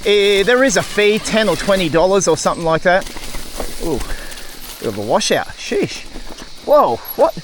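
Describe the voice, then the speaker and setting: An Australian man with a fairly high voice talks as he rides a rough bush trail, throwing out exclamations and chatting to himself and his viewers. Outdoor noise from the ride sits clearly under his voice, and the sound comes from a camera mic. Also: animated, moderate pace, pauses often, fairly bright tone. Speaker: cycling vlogger. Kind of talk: casual narration while riding.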